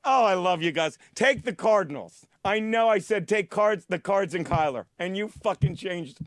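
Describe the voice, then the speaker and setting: A man hosting a comic football picks show in a studio, foul-mouthed and mock-boastful, now and then bursting into shouts. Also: high-pitched, expressive, moderate pace, no room sound. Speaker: host of a sports-betting picks show. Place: studio with a teleprompter.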